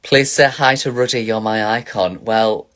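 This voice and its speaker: A man's voice: lowish voice, normal speed, fairly bright tone. A man casually chatting on a phone livestream as a drag performer, reading viewer questions aloud and answering with camp, giggly energy.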